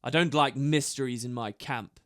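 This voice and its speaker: A man's voice: medium pitch, moderate pace, a bit bright, no echo, studio quality, close to an everyday voice. A man doing a feared Charr commander. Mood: cold. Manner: snarling, curt orders. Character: fierce male Charr commander, cold and feared.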